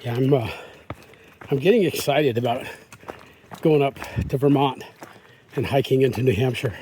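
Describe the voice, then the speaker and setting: Hiking a forest trail, a male vlogger rambles casually into the phone in his hand, his mid-range voice at a moderate pace over slight background noise. He's chatty and talks softly to deer.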